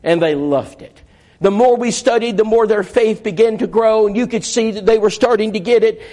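High-voiced preacher telling a story. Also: male voice, moderate pace. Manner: animated, acts out dialogue. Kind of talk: sermon storytelling.

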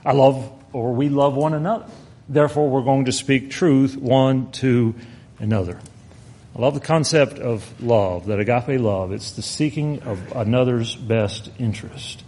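A man preaching a sermon, earnest, slowing down to stress his points and reading scripture aloud. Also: mid-range voice, mellow, slightly rough.

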